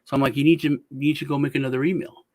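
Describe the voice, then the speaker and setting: A man co-hosting a casual chat show, telling stories deadpan and acting out the people he talks about. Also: medium pitch, racing, dry recording. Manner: deadpan storytelling, acts out callers' voices. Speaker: podcast co-host.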